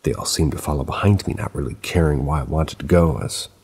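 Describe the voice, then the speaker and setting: A man calmly narrating a true paranormal story in a steady storytelling manner. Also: extremely low pitch, fast, breathy edge. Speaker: narrator of submitted paranormal stories.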